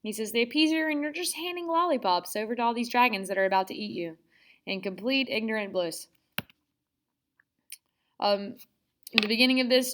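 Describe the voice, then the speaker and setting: A woman's voice: fairly high pitch, a bit bright. A young woman teaching a casual history lesson, chatty and sarcastic, acting out quotes in playful voices.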